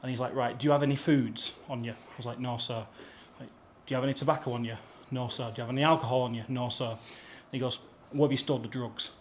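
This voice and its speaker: A young British man with an English accent speaks fast in a steady, medium-pitched voice, with slight background noise. As a travel vlogger, he chattily tells a travel anecdote to camera, acting out the dialogue as he goes.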